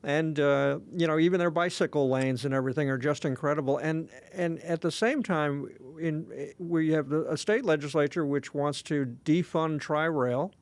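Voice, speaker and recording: Chatty man with a higher voice. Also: moderate pace, few pauses, clean tone. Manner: rambling, many fillers and restarts. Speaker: podcast co-host. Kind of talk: casual conversational chat.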